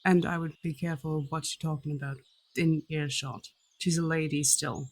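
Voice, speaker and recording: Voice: medium pitch, steady tone, fairly quick, natural voice, low-quality recording. A player voicing a protective male adventurer who gives a firm, clipped warning. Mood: stern.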